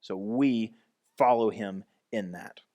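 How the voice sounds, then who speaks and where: A man's voice: fairly low pitch, slow, dark tone. A man pastor giving a conversational sermon, restarting and repeating phrases as he goes.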